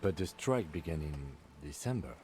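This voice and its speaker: A man's voice: low-pitched, lively intonation, normal speed, a little mellow, slight background noise. A man voicing a world-weary male detective in a video game, asking terse, probing questions. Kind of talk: game voice acting.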